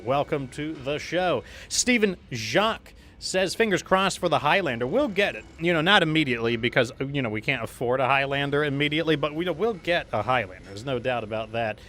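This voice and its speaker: A man's voice: a little high, lively intonation, fairly quick, hardly any pauses, a bit bright. Rambling male game streamer. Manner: rambling, many fillers and restarts, reads chat aloud. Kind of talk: casual live-stream chat while gaming.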